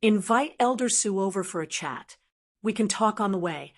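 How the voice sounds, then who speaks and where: A woman's voice: medium pitch, lively intonation, normal speed. A woman reading the lines of a composed young male martial master in an audiobook.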